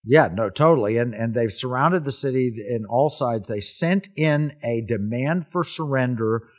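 A man's voice: mid-range voice, normal speed. Earnest man telling a war story. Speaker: host telling history. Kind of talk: casual storytelling conversation.

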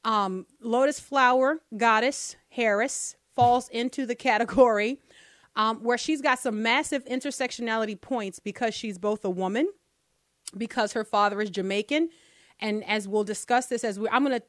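A woman hosting a podcast, talking through political commentary in an animated, rhetorical way. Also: fairly high pitch, moderate pace, dry recording, clean studio sound. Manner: animated, rhetorical, asks listeners to bear with her. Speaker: podcast host.

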